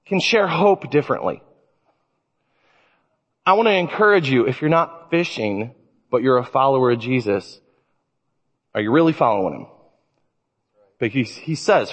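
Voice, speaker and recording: A man preaching a sermon, telling stories in an animated way. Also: fairly high pitch, muffled recording. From Illinois. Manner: animated storytelling. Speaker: pastor. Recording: reverberant church hall.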